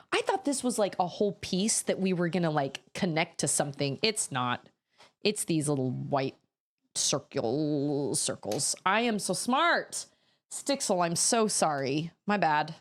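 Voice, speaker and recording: Lowish in pitch, animated but a little slow, a woman in her thirties streams while building and chatting casually. Her talk is punctuated by frequent laughter and sudden exclamations.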